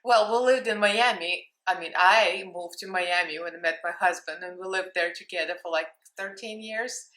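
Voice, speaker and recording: A woman's voice: lowish voice, moderate pace, hardly any pauses, a bit bright, reverberant. Bubbly woman with a Russian accent. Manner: bubbly, chatty, playful and giggly. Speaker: makeup vlogger. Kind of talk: casual makeup tutorial chat.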